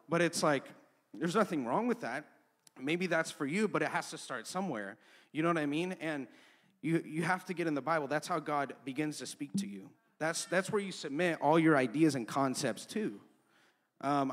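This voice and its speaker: A man's voice: medium pitch, a bit bright. A young man preaching a sermon in a casual, conversational way, telling personal stories. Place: church sanctuary. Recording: long church-hall reverb.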